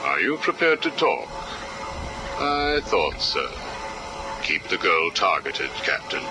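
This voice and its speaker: An actor playing a cold, calculating villain psychiatrist who questions his prisoner in a slow, measured, coolly menacing way. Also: low-pitched, sing-song, heavily acted. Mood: menacing calm. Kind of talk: video game cutscene acting. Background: background music.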